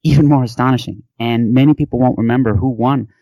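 Admiring male interviewer, warm dry voice. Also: medium pitch, fairly even intonation, fast, no echo. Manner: admiring, emotionally engaged questioning. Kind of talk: casual interview.

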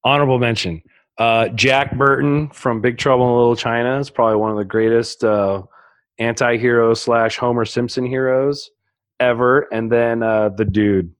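A man's voice: mid-range voice, normal speed, no room sound. Rambling man telling stories, dry sound. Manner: rambling storytelling with frequent fillers; darkly humorous, animated. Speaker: guest. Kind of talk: casual podcast conversation.

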